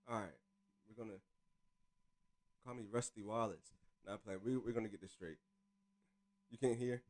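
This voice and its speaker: Hyped man chatting with his stream. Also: lowish voice. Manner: hyped, talks to live chat. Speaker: streamer host. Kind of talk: casual live-stream chat. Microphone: desk microphone.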